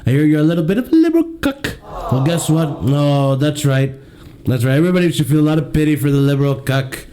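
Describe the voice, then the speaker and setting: A man's voice: on the high side, animated, fast, mellow, close to an everyday voice. A man doing a crude, bragging politician impression. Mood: taunting. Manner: boastful, crude, insulting. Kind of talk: comedy podcast impression.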